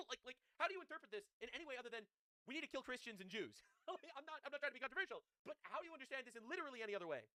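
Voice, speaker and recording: A man streaming live, ranting over video clips in a mocking, profane, excitable way. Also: very high-pitched, very fast, no echo, poor audio.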